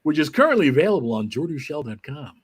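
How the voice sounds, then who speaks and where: A man's voice: fairly high pitch, sing-song, fast, a little hiss or hum. A man chatting as a guest on a talk show, rambling and correcting himself as he tells stories. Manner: rambling, self-correcting storyteller. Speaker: guest sculptor. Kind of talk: casual chat.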